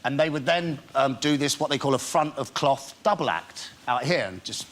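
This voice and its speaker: A man's voice: mid-range voice, normal speed, slight background noise. A man telling a rowdy anecdote as a chat-show guest, laughing as he goes and acting out the scene. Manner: animated, laughing through his story, acting it out. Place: television studio.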